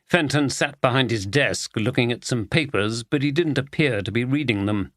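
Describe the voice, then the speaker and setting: A man narrating a mystery audiobook at a medium pitch, telling the story in a steady, even way. He is recorded on a close studio mic in a dry room. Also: moderate pace, no echo.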